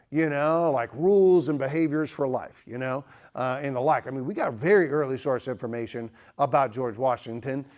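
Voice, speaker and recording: A man giving a lively apologetics lecture, joking and asking the audience questions. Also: mid-range voice. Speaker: speaker.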